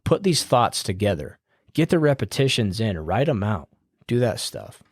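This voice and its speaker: A man's voice: fairly low pitch, big pitch swings, moderate pace, no room sound, clean studio sound. A man hosting a podcast, giving casual advice in a loose, rambling way with fillers and the odd swear word, in an upbeat, smiling tone. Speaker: podcast host.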